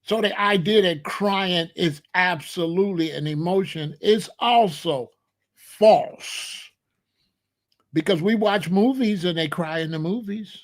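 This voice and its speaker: A man's voice: high voice, takes it slowly. A man hosting his own commentary, arguing emphatically with rhetorical questions and repeated points. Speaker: commentary host. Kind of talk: casual spoken commentary.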